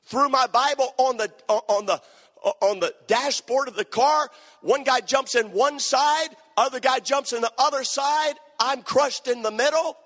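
Man preaching, high bright voice, storytelling, shouts then hushes, long hall echo. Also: unhurried. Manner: animated storytelling, shouting bursts, drops to a hushed voice. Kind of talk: sermon storytelling.

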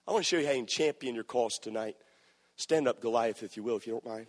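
A man preaching a sermon, animated and playful as he acts out scenes for the crowd. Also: medium pitch, fast. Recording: echoey hall.

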